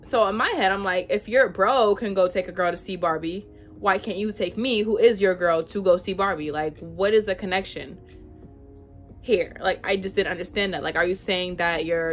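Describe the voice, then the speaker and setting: A young woman vlogger telling a storytime in casual, animated chat, full of "like". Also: medium pitch. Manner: chatty, animated, says "like" a lot.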